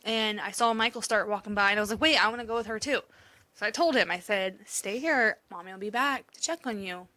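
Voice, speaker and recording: A woman co-hosting a podcast speaks a little fast in a medium-pitched, sharp-toned voice. In casual chat she tells an emotional story, swearing freely and laughing often.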